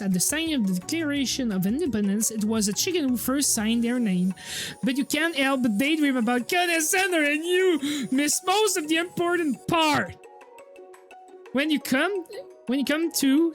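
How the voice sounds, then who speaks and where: A woman's voice: high voice, lively intonation, brisk, faint music behind. A woman streamer reading a visual novel aloud in an amused, chatty way. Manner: amused, chatty narration with frequent laughs. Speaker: gaming streamer.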